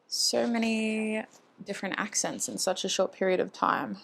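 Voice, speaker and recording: A woman's voice: medium pitch, fairly even intonation, unhurried, vocal fry. Chatty woman giving a tarot reading. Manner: chatty, intimate, addresses viewers fondly; muses aloud, voices channeled messages. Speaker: tarot reader. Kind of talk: casual tarot reading to camera.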